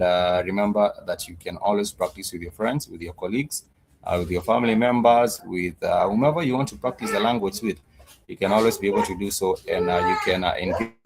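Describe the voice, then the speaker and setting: Low-voiced man teaching a class. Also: slight background noise, poor audio. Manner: patient, repetitive, says "uh" often. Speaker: Swahili teacher. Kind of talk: live-streamed language lesson.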